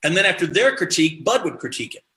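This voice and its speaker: A man's voice: high-pitched, very fast, roomy sound, low-quality recording. A middle-aged man from the American Midwest telling comedy stories in casual chat, acting out the voices he quotes. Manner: animated, acts out quoted voices. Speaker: podcast guest, comedian.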